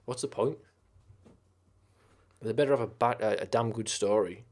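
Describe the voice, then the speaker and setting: A man's voice: lowish voice, moderate pace, darkish tone. A man streaming live, chatting casually about films, with lots of swearing and rambling enthusiasm.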